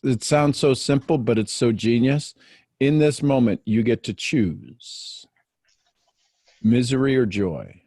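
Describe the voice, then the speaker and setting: A man's voice: mid-range voice, warm tone, no echo. Earnest man reading a devotional. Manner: earnest, preacherly reading aloud. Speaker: podcast host. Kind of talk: spiritual talk and devotional reading.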